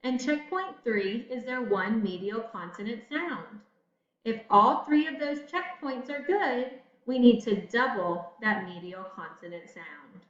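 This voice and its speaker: A woman teacher giving a recorded spelling lesson, talking slowly and encouragingly to young students. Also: a little high, a bit bright. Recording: echoey room, dull lo-fi audio.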